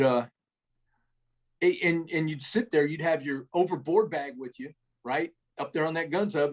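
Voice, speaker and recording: A middle-aged man, an army veteran, telling war stories in a rambling, salty way, full of restarts and tags like "man" and "right?". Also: a little high. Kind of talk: casual war storytelling.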